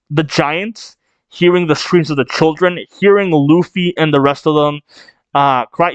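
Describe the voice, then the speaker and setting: An animated, chatty man reads a manga chapter aloud and speculates about what it means. His voice sits a little high and the recording is dry and close, with no room sound. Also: clear, resonant tone, no room sound, dull audio. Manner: animated, chatty, thinking out loud. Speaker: manga reaction streamer. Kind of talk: manga reading reaction and speculation.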